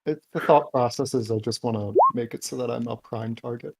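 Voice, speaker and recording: A man's voice: mid-range voice, a little fast, creaky, husky. A man playing a tabletop game, giving mumbled short replies. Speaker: player. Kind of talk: casual game chat.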